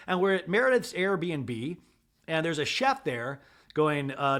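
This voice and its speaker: Animated male podcast host, bright and swinging pitch, comic recap full of impressions. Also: unhurried. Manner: animated, switches into exaggerated voices for each person. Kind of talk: comedic recap with impressions of cast members.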